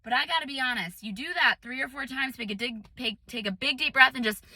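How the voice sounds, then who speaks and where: A woman meditation teacher in a casual vlog, chatty and animated, telling a story with lots of "like" and "um". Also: sits high, fast, no echo.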